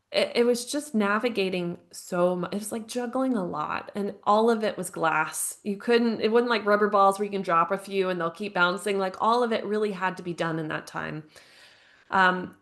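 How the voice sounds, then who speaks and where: Earnest, reflective woman in her thirties. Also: mid-range voice. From United States. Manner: earnest and reflective, with frequent "like" and light laughs. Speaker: podcast guest, grief counselor and author. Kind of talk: podcast interview, personal storytelling. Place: home, living abroad.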